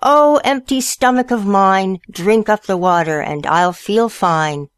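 A woman voicing an angry male turkey who chants his demands in a high sing-song. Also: very animated, a little slow, no room sound, studio quality.

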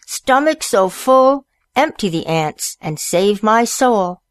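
A woman voicing an angry male turkey who chants his demands in a high sing-song. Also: big pitch swings, unhurried, no echo, clean studio sound.

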